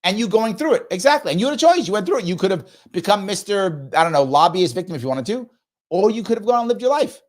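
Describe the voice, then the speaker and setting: A man hosts a live stream in a loose, chatty way, reading comments and jokingly nagging his audience. His voice sits a little high and leaps up and down with animated energy. He repeats lines for comic effect. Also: fast. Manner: playful, pleading, repeats himself for effect. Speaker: livestream show host.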